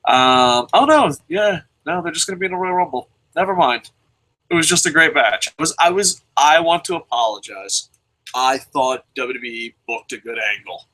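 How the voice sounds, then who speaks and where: Male host, bright and forceful voice a bit high, profane and sarcastic, excitable casual delivery. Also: normal speed, low-quality recording. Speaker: show host reviewing.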